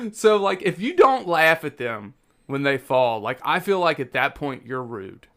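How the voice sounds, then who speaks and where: A man hosting a podcast in a relaxed, joking way, full of "dude" and "like". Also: mid-range voice, measured pace. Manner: laid-back, joking, says "dude" and "like" a lot. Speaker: podcast host. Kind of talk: casual podcast chat.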